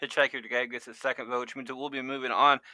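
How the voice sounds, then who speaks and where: A man hosts a casual podcast chat with a strikingly bright, forward voice. He rambles and restarts his sentences often. The sound is dry and close. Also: medium pitch, flat delivery, fast talker, no room sound. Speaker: podcast host.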